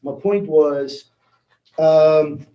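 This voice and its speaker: A man giving a casual motivational talk, animated and laughing as he acts out conversations. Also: fairly high pitch, drawn-out words, reverberant, muffled recording. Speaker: network marketing leader.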